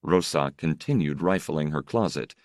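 A man narrating a story in a measured, expressive way. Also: rumbling low, no echo, clean studio sound. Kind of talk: scripted narration.

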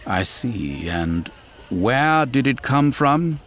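A man voicing a cool, menacing Imperial officer who speaks slowly and quietly threatens. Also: medium pitch, sing-song, a little hiss or hum. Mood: cold, probing.

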